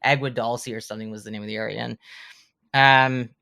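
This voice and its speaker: A man in his thirties chats on a podcast with a bright, forward tone. He tells animated stories, often stumbling, restarting and repeating words as he goes. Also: mid-range voice, fairly quick, gravelly. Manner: animated anecdotes with frequent restarts and stammers. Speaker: podcast guest, horror filmmaker. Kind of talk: casual podcast conversation, storytelling.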